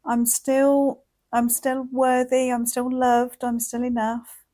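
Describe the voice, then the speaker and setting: A gushing, encouraging voice cooing praise at a toddler, put on by a woman. It rises into a high sing-song well above her usual tone and stays slow and soft. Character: adult woman cheering on a toddler, warm and encouraging.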